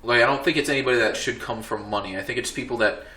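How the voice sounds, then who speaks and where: A man's voice: medium pitch, very fast, sharp tone. A man from the United States hosting a casual podcast chat, rambling with lots of fillers and restarts. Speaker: podcast host. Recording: echoey room.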